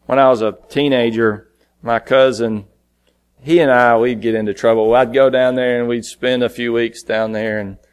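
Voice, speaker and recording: A man preaching a sermon, telling a lively personal story in a folksy, animated way. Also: clean tone. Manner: animated, folksy storytelling, jumping in pitch for quoted lines.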